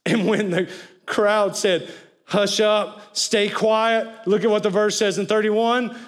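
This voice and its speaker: Pastor, man, high voice, preaches loud then drops low, calls on the congregation to answer. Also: fairly even intonation, slow pace. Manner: swings between loud cries and low, quiet lines. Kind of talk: sermon. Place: church sanctuary with an audience, also streamed.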